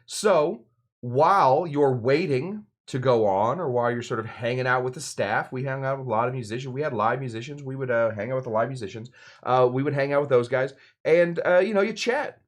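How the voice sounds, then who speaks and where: A man at a middle pitch hosts a casual cocktail demonstration. His talk wanders, with plenty of fillers and side remarks, in the easygoing way of a working bartender chatting behind the bar. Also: a little fast. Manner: rambling, loose, full of fillers and side remarks. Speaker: bartender and show host.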